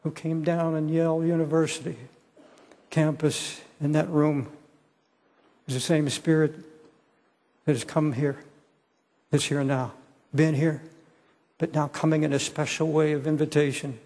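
An older male preacher pleads with his listeners at an unhurried pace, often repeating himself. His voice is gravelly and husky and sits a little high, with a long reverb trailing behind it. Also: level tone, a little mellow. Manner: slow, pleading, repeats words. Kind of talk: sermon with altar call.

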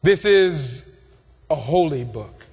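A man preaching a sermon with passion, building through repeated phrases and rising to shouts. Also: a little high, expressive, slow, slightly rough. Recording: long reverb of a large hall.

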